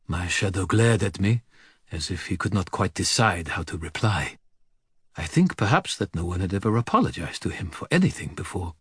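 A man reading a first-person story in a measured, unhurried way. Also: deep voice, sing-song, husky, no echo, clean studio sound. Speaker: audiobook narrator.

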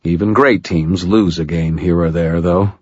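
A man's voice: low-pitched, steady tone, unhurried, a little mellow, husky, dry recording, muffled recording. A man reading first-person fiction aloud as an audiobook narrator, with a dry, wry storytelling manner.

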